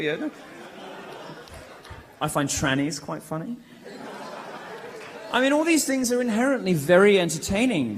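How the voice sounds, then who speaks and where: A British man giving a provocative, mocking live speech to a college crowd in a large, lively room, delivering it loudly and with projection. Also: a little high. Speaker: public speaker.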